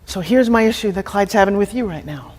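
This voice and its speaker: A woman coaching a participant live, blunt and profane, pushing hard and often shouting. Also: medium pitch, lively intonation, fairly quick. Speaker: transformational coach. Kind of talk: confrontational live coaching session. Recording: echoey hall with faint noise.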